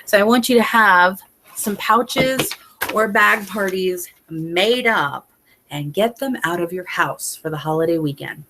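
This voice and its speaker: A woman's voice: mid-range voice, a little slow, bright, forceful tone, a little hiss or hum. Chatty woman giving team tips. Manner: chatty, many fillers, earnest and emotional. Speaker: independent sales consultant. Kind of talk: casual motivational talk to a sales team.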